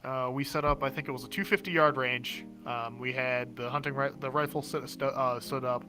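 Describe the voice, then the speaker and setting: A young man on a casual podcast, telling a story in an animated way, swearing freely and laughing at himself. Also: mid-range voice, a little fast, music in the background. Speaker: podcast co-host. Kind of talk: casual chat.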